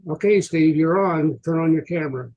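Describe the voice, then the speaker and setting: A man moderates a video call, briskly calling on people and inviting comments. His voice is somewhat husky and sits a bit high. He keeps the session moving. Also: a little mellow, dull audio.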